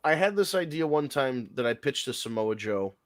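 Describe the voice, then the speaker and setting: A man hosting a podcast in casual, animated chat, profane and quick with asides. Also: medium pitch, a crowd in the background. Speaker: podcast host.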